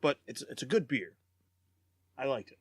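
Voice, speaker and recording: A man co-hosts a casual chat podcast in a laid-back way. His voice is in a middle pitch. It is recorded dry and close. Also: expressive, moderate pace, slightly rough, no echo. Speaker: podcast co-host.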